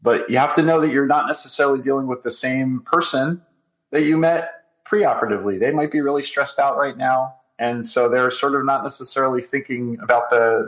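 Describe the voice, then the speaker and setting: A man's voice: mid-range voice, lo-fi sound. A man appearing as a physician guest on a podcast, explaining at length with many ums. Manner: explanatory, filler-heavy. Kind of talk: conversational interview.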